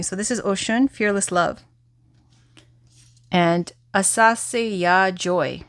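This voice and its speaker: A woman's voice: fairly low pitch, slight background noise. A woman giving a tarot reading in a chatty, candid way, saying she is losing her voice. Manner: chatty, candid, lively asides. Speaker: tarot reader. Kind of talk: tarot reading and guided affirmation.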